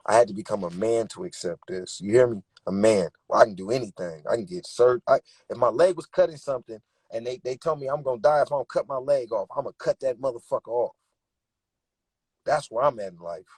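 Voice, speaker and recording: Young male rapper, husky voice, dry close sound, emphatic streetwise storyteller. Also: mid-range voice, brisk, a little mellow, no room sound. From Bay Area, California. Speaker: rapper and interview guest. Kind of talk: candid interview talk.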